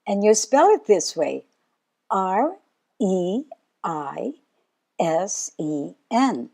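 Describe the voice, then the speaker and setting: A woman gives a radio language lesson at an unhurried pace, spelling out every word and saying it twice. Her pitch moves in wide, lively swings as she stresses each syllable. The delivery is slow, patient and carefully measured. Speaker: German language teacher.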